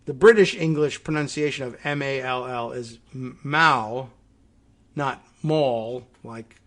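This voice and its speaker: A man hosting a talk show, reading an article aloud slowly and deliberately, then breaking off into quiet, halting asides. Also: medium pitch. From United States. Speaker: podcast host.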